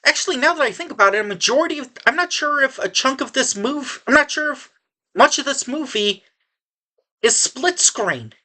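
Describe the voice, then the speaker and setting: A woman reviews a movie in a casual, rambling way, often restarting her sentences. Her tone is sarcastic and exasperated, and her voice sits a little high. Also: lively intonation, moderate pace, bright, forceful tone.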